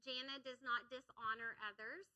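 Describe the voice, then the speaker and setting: A woman's voice: high-pitched, steady tone, moderate pace, bright, forceful tone, poor audio. A woman giving a sermon in a church, energetically coaxing the congregation to call back and repeat lines. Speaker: church speaker. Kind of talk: sermon with audience call-and-response. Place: church sanctuary.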